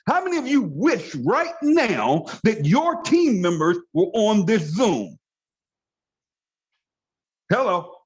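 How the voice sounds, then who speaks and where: A man giving an emphatic, motivational training talk on a video call, repeating his key phrases to drive them home. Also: high voice. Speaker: network marketing trainer. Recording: dull lo-fi call audio.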